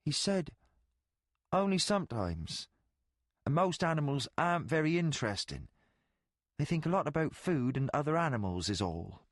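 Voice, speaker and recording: A man's voice: fairly high pitch, big pitch swings, no room sound, clean studio sound. A man doing a shy little girl. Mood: earnest. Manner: simple, halting child's phrasing. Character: small psychic girl, shy and earnest.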